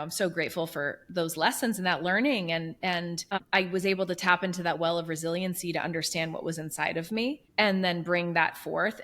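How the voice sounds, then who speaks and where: A woman in her thirties, a business coach, telling her story in an earnest, animated way with many fillers. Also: fairly low pitch. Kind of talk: conversational interview storytelling.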